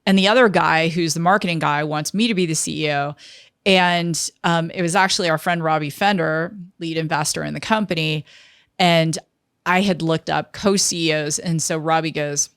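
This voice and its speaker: Gravelly-voiced woman telling a story. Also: low voice, normal speed, dry recording, clean studio sound. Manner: lively storyteller who acts out quoted dialogue. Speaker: interview guest, tech entrepreneur. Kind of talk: storytelling in an interview.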